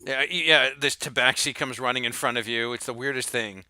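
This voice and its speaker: A man's voice: mid-range voice, steady tone, a little fast, pushed and bright, dry recording. A young man narrating as game master, describing the action in a storytelling way with frequent fillers.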